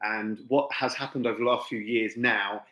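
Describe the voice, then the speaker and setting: A man's voice: lowish voice, fairly even intonation, moderate pace, pushed and bright. Chatty English man live-streaming. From England. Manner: chatty, informal, with asides and fillers. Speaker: fight promoter and gym owner. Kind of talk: live-stream chat to viewers. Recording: echoey dull room sound.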